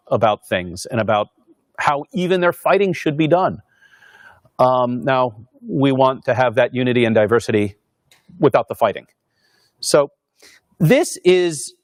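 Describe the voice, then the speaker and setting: A Northern Virginia parish pastor gives an informal, conversational lecture at a university, full of fillers and restarts. His voice is medium-pitched, recorded at studio quality with no room sound.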